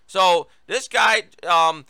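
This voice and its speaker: A man's voice: high-pitched, extremely slow, gravelly, pushed and bright, smooth, dry recording. A man hosting his own show, giving a political commentary monologue and reading news quotes aloud with running asides. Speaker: show host.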